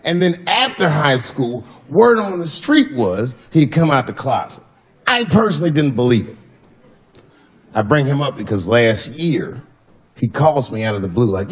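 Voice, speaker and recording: A man's voice: medium pitch, very animated, moderate pace. A man doing a stand-up comedy set, telling a long story and acting out the people in it. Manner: storytelling with acted-out voices, profane. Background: audience laughter.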